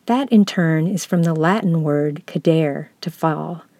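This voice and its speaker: A woman from the United States, a lecturer, reading a reflective essay aloud in a slow, measured, contemplative way. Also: on the low side, dark tone, no room sound.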